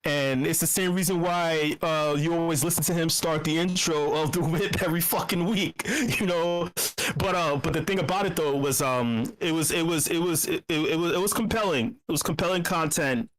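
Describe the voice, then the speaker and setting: A man hosting a casual live voice-channel show, brash and profane, teasing his listeners and swinging into loud drawn-out shouting. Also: fairly high pitch. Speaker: host of a community voice-chat show. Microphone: computer mic in voice channel.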